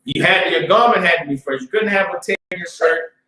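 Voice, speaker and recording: A religious class teacher with a fairly high voice preaches briskly in a loose, streetwise manner, repeating "you understand?" as he swings between low mutters and loud bursts. The sound is roomy and echoing, recorded from a distance with him well back from the mic.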